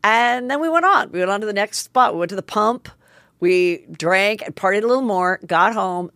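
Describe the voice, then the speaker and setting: A woman's voice: mid-range voice, expressive, moderate pace, a bit bright, no echo, studio quality. A middle-aged woman hosting a podcast, telling a story in a candid, chatty, self-mocking way with some swearing. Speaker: podcast host. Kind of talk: casual storytelling monologue.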